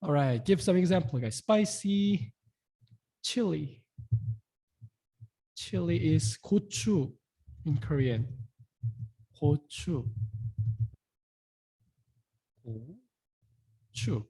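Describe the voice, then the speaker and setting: A young man teaching a casual online language lesson, repeating words slowly and often asking his viewers "guys". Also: sits high, lively intonation, vocal fry, dark tone, husky.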